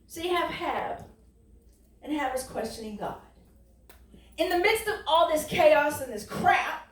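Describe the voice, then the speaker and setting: A woman pastor preaches in a relaxed, folksy manner and banters back and forth with her congregation. Her voice sits high. It is picked up from a distance and echoes around the sanctuary. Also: a little slow, pauses often. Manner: conversational, folksy preaching with call-and-response. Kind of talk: sermon. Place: church sanctuary. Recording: roomy, distant church recording.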